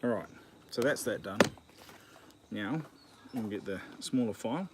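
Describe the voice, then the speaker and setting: Filing a chainsaw outside, this Kiwi host chats jokingly with his channel in a lowish voice with lively intonation and a measured pace. He's self-mocking and keeps getting sidetracked, while birds and the rasp of the file fill the noisy audio.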